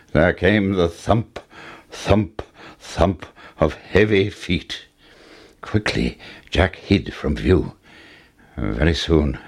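A man narrating a fairy tale in a storybook reading, slow and expressive. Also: extremely low pitch, creaky, husky.

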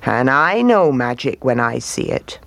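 A woman's voice: rumbling low, big pitch swings, measured pace, creaky, a bit bright, no echo, heavily acted. A woman voicing a cryptic ancient old man who speaks in knowing hints, in a storybook reading.

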